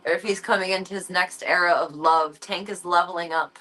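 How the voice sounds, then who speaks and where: A woman's voice: on the low side, steady tone, normal speed, few pauses, bright, forceful tone, soft background music, poor audio. A woman livestreaming from home, chatting casually and cooing playfully at her cats in baby talk.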